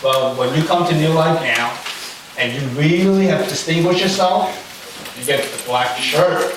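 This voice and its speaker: Chatty pastor in an echoey church. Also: male voice, on the high side, a little slow, a bit bright. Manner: chatty, anecdotal, lots of fillers. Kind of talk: casual sermon storytelling. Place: church hall. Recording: very echoey room, far from the mic, faint noise.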